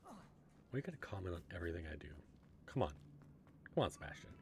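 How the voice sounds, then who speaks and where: A young man streaming, chatting casually with viewers in a relaxed, rambling way. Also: sits low, fast talker, a little hiss or hum.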